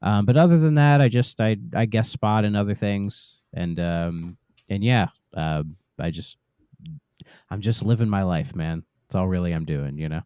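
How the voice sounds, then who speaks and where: Male podcast guest, low and smooth, relaxed and halting, dry sound. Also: no room sound. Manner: easygoing, restarts a lot. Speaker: podcast guest, co-host of another show. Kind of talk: casual podcast chat.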